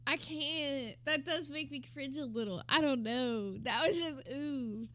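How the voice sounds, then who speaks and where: A woman's voice: high voice, a little slow, fairly bright tone. A woman streamer giving gossipy, sarcastic commentary while reacting to another stream. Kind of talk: casual commentary.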